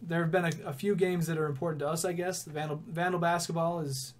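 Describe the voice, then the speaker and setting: A man's voice: a little high, fairly even intonation, fast talker. A young man co-hosting a casual sports podcast, rambling through stories and laughing often. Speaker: podcast co-host.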